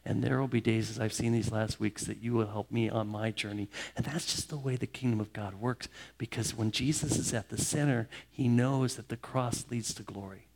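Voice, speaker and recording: A middle-aged male pastor giving a sermon in his ordinary mid-range voice. He speaks in a personal, heartfelt way and tells family stories. He often pauses and restarts as he searches for words. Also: medium pitch, steady tone, vocal fry, a little mellow.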